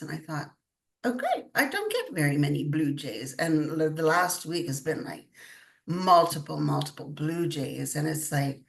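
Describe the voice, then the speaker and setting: Chatty low-voiced older woman. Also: creaky. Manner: chatty storytelling, laughs often. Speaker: guest, intuitive channeler. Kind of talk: casual interview chat.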